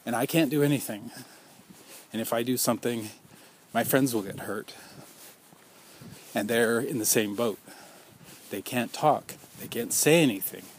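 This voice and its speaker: A man's voice: mid-range voice, measured pace, long pauses, a little hiss or hum. A man speaking out as a survivor in an impassioned personal monologue, earnest and accusing, piling up repeated rhetorical questions.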